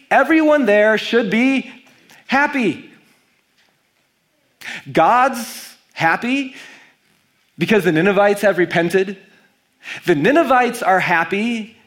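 Animated preaching man, slightly high voice. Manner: animated preaching, reads scripture aloud with rising emphasis. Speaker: pastor. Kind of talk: sermon.

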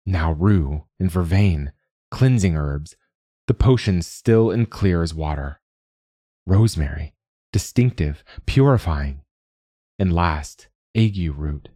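A man reading a fantasy story aloud in a measured, deliberate way as a podcast narrator. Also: low voice, dark tone, no room sound, clean studio sound. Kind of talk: scripted narration.

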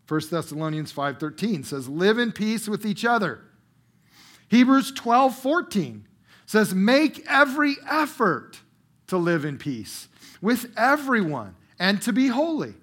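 High-voiced man preaching with big dynamic swings. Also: very animated. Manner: emphatic preacher, strong swings from loud bursts to quiet drawn-out phrases. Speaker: pastor. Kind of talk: sermon. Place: church room before a congregation.

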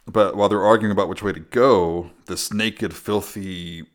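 A man's voice: lowish voice, steady tone, normal speed. A man co-hosting a podcast, casually recapping a horror film and chuckling often. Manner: laid-back storyteller, chuckles often. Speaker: podcast co-host.

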